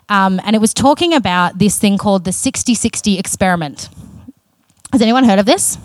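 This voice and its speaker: A woman's voice: medium pitch, no echo. A woman delivers a sermon in an earnest, chatty manner, slipping in casual asides. Her voice sits in an ordinary middle register. The sound is dry and close, with little room around it. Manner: earnest and conversational, with self-aware asides. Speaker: preacher.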